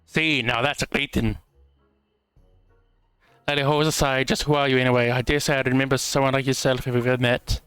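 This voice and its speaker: A man's voice: mid-range voice, level tone, brisk, long pauses, fairly bright tone, smooth, no room sound, soft background music, natural voice. A man voicing a brash, blunt dwarf hunter in a game, with a clumsy put-on accent. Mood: gruff.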